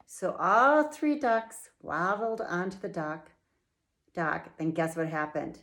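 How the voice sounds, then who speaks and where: A middle-aged woman and children's author reading her picture book aloud, with slow, playful, expressive storytelling. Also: mid-range voice.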